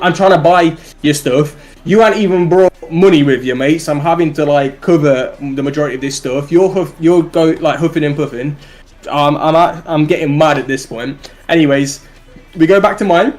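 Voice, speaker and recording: A man with a British accent telling a story on a livestream, animated and swearing, often laughing as he goes. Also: a little high, normal speed. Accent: British English. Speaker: live streamer.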